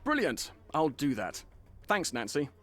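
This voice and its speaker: A shifty, flippant tour guide. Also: male voice, a little high, wildly swooping pitch, a little slow, a bit bright, no echo, full character voice. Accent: Australian-sounding British attempt. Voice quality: breezy, mocking, evasive.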